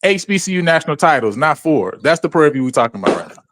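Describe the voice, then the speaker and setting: A man's voice: a little high, sing-song, fast talker, a bit bright, slight background noise. A man arguing hard in a sports debate, backing his points with statistics. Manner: argumentative, cites stats.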